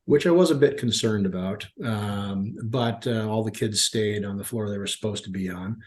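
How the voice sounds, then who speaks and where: Here his pitch is fairly low and the tone darkish, with a moderate pace. This forties-aged guest, who manages youth hockey, spins loose, filler-heavy stories during a relaxed podcast conversation.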